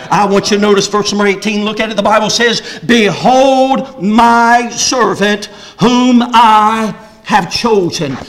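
Fervent high-voiced preacher man. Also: rough recording. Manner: fervent preaching, rising and shouting on key phrases. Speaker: pastor. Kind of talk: sermon.

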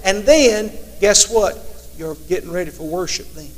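A man's voice: sits high, moderate pace. A man preaching a sermon in a conversational way, now and then acting out imagined prayers to God. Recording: long hall reverb.

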